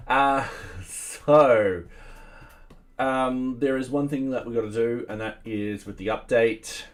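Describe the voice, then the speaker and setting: A man giving casual think-aloud commentary as he codes at home, pausing and restarting mid-sentence and now and then chatting to his cat. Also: mid-range voice. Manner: chats to his cat between tasks. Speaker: software developer streaming his coding. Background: faint music and keyboard typing.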